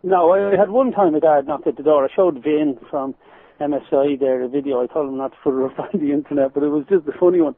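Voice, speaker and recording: An Irish man, a radio guest, telling stories in an animated way and laughing as he goes. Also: fairly high pitch, fast. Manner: animated storyteller, laughs while telling anecdotes. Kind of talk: phone-in radio interview. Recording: tinny phone line, dry.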